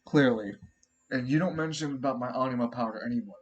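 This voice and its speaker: A man's voice: medium pitch, quick pace, lo-fi sound, a little hiss or hum, natural voice. A man voicing a secretive male character who has a migraine and speaks in short, guarded warnings. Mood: strained, guarded.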